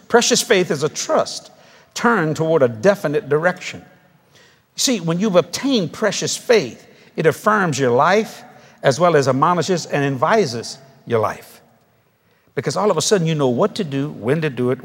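A male preacher telling a story in a televised sermon, animated and laughing, with bursts of shouting. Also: a little high, slightly rough.

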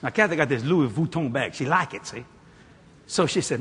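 A man preaching in church, telling a funny story in an animated, playful way and laughing often. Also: medium pitch, normal speed, breathy edge. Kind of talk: humorous sermon storytelling.

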